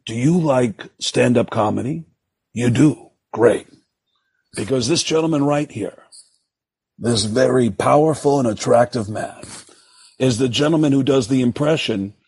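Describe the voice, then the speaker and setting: A man putting on a smug, slow-drawling impression of a rock star. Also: medium pitch, creaky, a little mellow, breathy edge, no room sound. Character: impression of a famous rock bassist, deep, smug.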